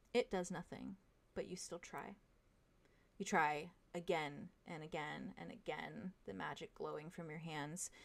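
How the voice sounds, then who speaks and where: A young woman runs a tabletop game as game master and tells the scene to her players in the second person. Her delivery is hushed and dramatic, and her voice sits low with a gravelly fry.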